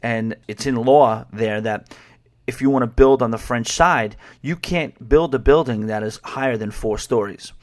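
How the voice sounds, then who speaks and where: Animated male travel podcast host. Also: medium pitch, moderate pace. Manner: animated, mimics locals in quoted asides. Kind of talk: casual travel talk.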